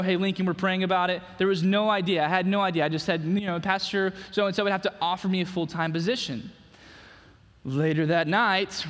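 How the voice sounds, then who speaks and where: A high-pitched male preacher gives an earnest sermon, often repeating a word as he pushes forward. His voice rings out in a church sanctuary with a long reverb trailing behind it. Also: a bit bright. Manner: earnest, repeats words, speaks in quick bursts. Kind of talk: sermon with personal testimony and prayer.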